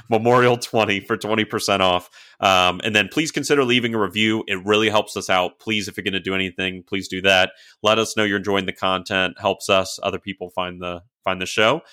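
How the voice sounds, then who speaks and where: A man's voice: low-pitched, steady tone, fairly quick, sharp tone, smooth. A man co-hosting a casual sports podcast, rambling with lots of fillers before an upbeat sign-off. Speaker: podcast co-host.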